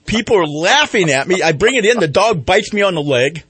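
Rambling, husky-voiced radio host man. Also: high voice, expressive, a little fast, a bit bright, no echo. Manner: rambling, self-mocking, lots of fillers. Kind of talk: casual morning radio banter.

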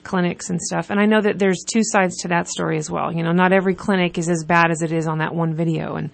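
Gravelly-voiced woman, earnest guest. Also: fairly low pitch, fairly even intonation, fast. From California. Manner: earnest, builds emphasis when listing points. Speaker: guest, nonprofit representative. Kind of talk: radio talk interview.

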